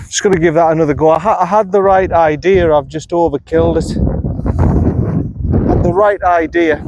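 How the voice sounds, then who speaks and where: A man's voice: a little high, fairly even intonation, unhurried, pauses often, a little hiss or hum. A man giving running commentary while playing alone on an outdoor golf course, talking to himself and criticizing his own shots, recorded on a phone camera. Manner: self-critical, talks to himself. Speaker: golf vlogger.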